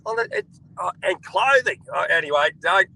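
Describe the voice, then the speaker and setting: Man, Australian accent, middle-aged, very bright tone, blokey, says mate a lot, on the phone from a boat. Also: sits high, sing-song, normal speed, gravelly, low-quality recording. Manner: blokey, calls everyone mate. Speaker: guest. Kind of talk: casual sports chat. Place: on a boat, outdoors. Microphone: phone or video call.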